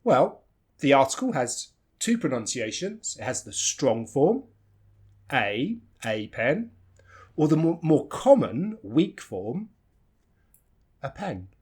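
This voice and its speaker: A British man giving a pronunciation lesson as a teacher, demonstrating sounds with deliberate, exaggerated enunciation. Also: fairly high pitch, a little mellow, slightly rough. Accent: British English.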